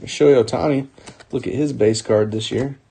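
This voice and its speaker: Opening packs live, a man calls out every card in quick, cheerful bursts, chatting away and laughing often. His voice is mid-range and mellow, with vocal fry and a breathy edge.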